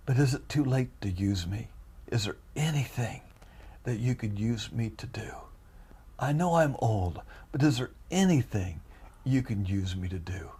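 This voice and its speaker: Man doing frail old village man, humble, hushed pleading, husky. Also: medium pitch.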